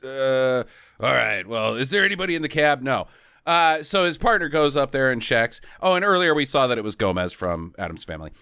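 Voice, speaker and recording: A man's voice: mid-range voice, expressive, a little fast, sharp tone, clear, resonant tone, no echo, studio quality. A man co-hosting a podcast, casually retelling movie scenes with jokes, mock voices and frequent laughter. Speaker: podcast co-host. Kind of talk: casual comedic movie review chat.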